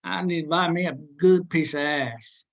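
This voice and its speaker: A naive, blunt country boy from the backwoods, pitched well above his teller's usual voice and pushing it loud and insistent. A man acts him out in a classroom joke. His talk comes out puzzled and plain. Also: normal speed, gravelly. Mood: asking.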